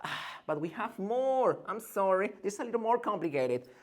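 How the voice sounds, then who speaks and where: A male English teacher giving an energetic pronunciation lesson, theatrical and drilling sounds over and over. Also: high voice, moderate pace.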